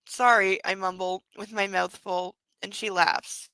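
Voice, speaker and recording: A woman reading a novel aloud with sarcastic, irreverent commentary, sometimes dropping to a hush. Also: medium pitch, little pitch movement, measured pace, clear, resonant tone, dry recording, low-quality recording. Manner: wry and irreverent, drops to a hushed whisper for some narration. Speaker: book club podcast host.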